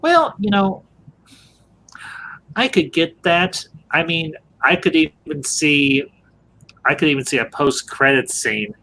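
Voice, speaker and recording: A man's voice: on the high side, animated, takes it slowly, pauses often, sharp tone, slight background noise. A man hosting a casual live-stream review chat, joking around, laughing often and greeting viewers.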